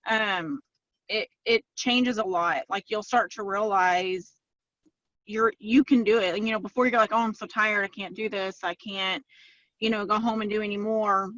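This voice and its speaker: A woman chats casually, telling her story with lots of quoted asides. Her voice sits at a middling pitch. It is recorded dry and a bit dull, like a lo-fi call. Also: fairly even intonation, normal speed, fairly bright tone, no room sound. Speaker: podcast guest, fitness client. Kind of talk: casual interview chat.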